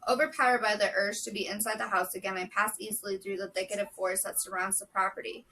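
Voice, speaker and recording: A woman reading a novel chapter aloud in a steady, measured way, with brief casual asides. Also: mid-range voice, distant mic, rough recording. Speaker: book vlogger.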